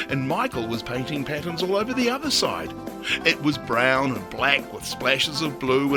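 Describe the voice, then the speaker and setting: A man telling a children's story in a playful, expressive way. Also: medium pitch. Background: background music.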